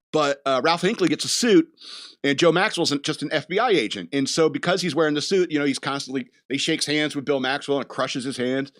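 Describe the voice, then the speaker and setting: A man's voice: on the high side, normal speed, a bit bright. A man hosting a casual chat show, rambling from thought to thought with chuckles in between. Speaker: podcast host.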